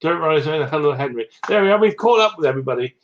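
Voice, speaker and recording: A man's voice: a little high, lively intonation, rapid-fire, muffled recording. A man hosting a live stream, chatting casually and greeting viewers by name with little chuckles, a bit short of breath. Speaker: livestream host. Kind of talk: casual chat reading out live comments.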